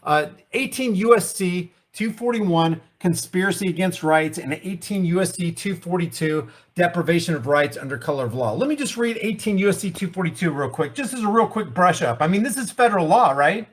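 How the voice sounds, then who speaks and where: A man's voice: high voice, animated, a little fast, hardly any pauses. A man hosting a political commentary rant, sarcastic and full of rhetorical questions. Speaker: commentary host.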